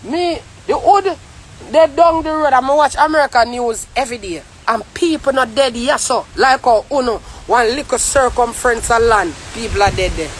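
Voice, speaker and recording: A woman with a Jamaican accent in a heated, profane ranting monologue, often shouting. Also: on the high side, moderate pace. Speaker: vlogger.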